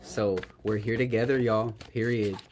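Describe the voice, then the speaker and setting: Facing the camera alone, this tarot reader speaks in a lowish, darkish voice with fairly even intonation at normal speed, over a faint hiss or hum. He's heartfelt and emotional, addressing "y'all," tossing in "right?" a lot, and calling on Spirit and the archangels.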